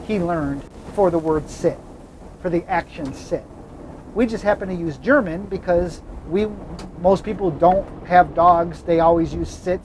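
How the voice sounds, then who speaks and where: A man's voice: high voice, darkish tone, slight background noise, poor audio. A man hosting a travel vlog, telling rambling anecdotes inside a moving car. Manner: rambling, self-correcting anecdotes. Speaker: vlog host. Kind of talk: casual storytelling chat.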